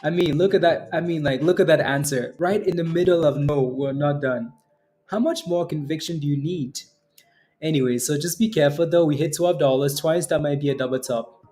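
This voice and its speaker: An excitable man calls out stock prices on a live trading stream, egging the chart on. His voice sits a little high but sounds mellow and dark, and he talks at an unhurried pace. Soft music plays faintly behind him. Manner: excitable, cheers on price moves, chants and laughs. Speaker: day trading livestream host.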